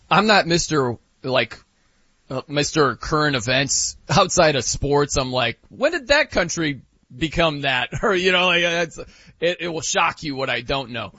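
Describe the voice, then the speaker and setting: A man's voice: mid-range voice, husky, no room sound, dull audio. A man hosting a casual sports talk show who jokes and fires off rhetorical questions. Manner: animated, joking, rhetorical questions.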